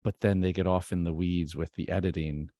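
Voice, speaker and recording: Deep-voiced man, dry close sound. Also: steady tone, a little fast, warm tone, dry recording. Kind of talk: casual conversation.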